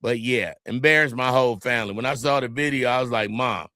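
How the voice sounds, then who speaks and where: Bright-voiced storytelling man. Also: medium pitch, quick pace, no echo, clean studio sound. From California. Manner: animated storyteller, acts out quotes. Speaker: podcast co-host. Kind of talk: casual storytelling chat.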